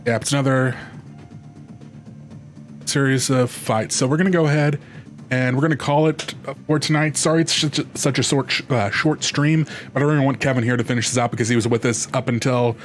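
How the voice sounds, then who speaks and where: A man's voice: mid-range voice, steady tone, fairly quick, soft background music. A man hosting a live game stream, chatting casually and rambling with many restarts. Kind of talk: casual let's play commentary.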